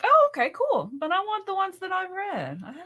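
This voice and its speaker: A woman's voice: very high-pitched, wildly swooping pitch, fairly quick, crowd noise. A woman co-hosting a live comics chat show, giggly and playful as she reads viewer messages aloud. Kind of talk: casual live-stream chat.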